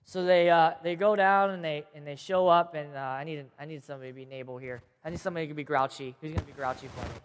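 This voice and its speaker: A man teaching a group of kids, telling a Bible story in a chatty, animated way and checking in with them often. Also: a little high, fast, few pauses. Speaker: youth teacher. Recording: long hall reverb.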